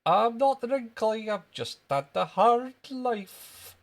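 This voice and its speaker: A man voicing a cranky, wrinkly little Scottish man who claims to be a boy, in a high put-on voice with a Scottish accent, telling tall tales. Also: animated, slow, full character voice. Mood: boastful. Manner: boastful, rambling tall tales. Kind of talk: improvised street comedy bit.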